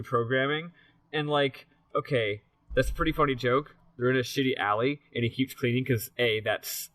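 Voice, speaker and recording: A man's voice: medium pitch, a bit bright. A man co-hosting a game book-club podcast, chatting casually and picking apart a game's writing with lots of fillers and restarts. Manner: rambling, analytical, many filler restarts. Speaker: podcast co-host. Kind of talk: casual chat.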